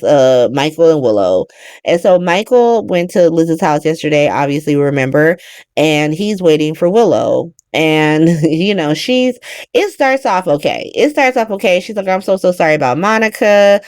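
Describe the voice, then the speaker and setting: A young adult woman with a low, slightly mellow voice recaps soap opera episodes in casual chat, recorded with clean studio sound and no room sound. As host of the recap, she rants, swears, and talks directly to the characters.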